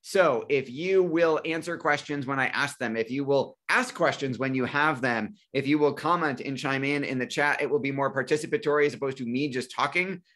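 A man's voice: medium pitch, brisk, few pauses, fairly bright tone. A man in his forties hosting a live financial webinar, telling a personal story and acting out phone calls with family.

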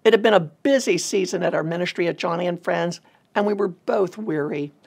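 A woman, a ministry leader, telling a personal testimony in an earnest, measured way. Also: lowish voice, darkish tone.

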